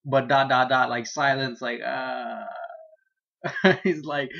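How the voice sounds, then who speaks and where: A man talks through a manga chapter in a loose, excitable way. He swears freely and laughs at the funny bits, at a middling pitch. The recording sounds dull and lo-fi. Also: slow pace, gravelly, pauses often. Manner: excitable, profane, laughing, retells scenes loosely. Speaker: manga reviewer. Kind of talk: casual manga chapter review.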